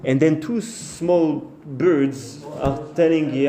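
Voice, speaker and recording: Halting rabbi telling a story in an echoey room. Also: male voice, fairly high pitch, steady tone, mellow. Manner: halting, repeats and restarts phrases; acts out the birds and the king in short quoted bits. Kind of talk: storytelling sermon. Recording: echoey room with faint noise.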